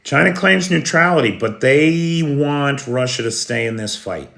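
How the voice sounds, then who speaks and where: A man's voice: medium pitch, expressive, a little slow, a bit bright. An American man hosting a live news stream, chatting casually and answering viewers' comments by name. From United States. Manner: chatty, talks directly to viewers by name, clears throat often. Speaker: livestream news host.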